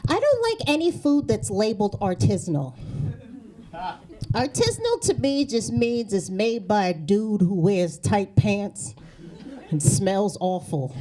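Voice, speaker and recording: A New England woman with a warm, medium-pitched voice works a live crowd from a stage mic, laughter rolling back at her. Her East Coast stand-up set is brash and profane, built on sarcastic punchlines.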